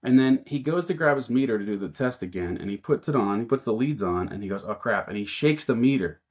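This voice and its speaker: A man's voice: mid-range voice, quick pace, lo-fi sound. A man guesting on a podcast as an automotive trainer, telling shop stories in a casual way and acting out the lines of people he quotes. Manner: animated storyteller who acts out quotes.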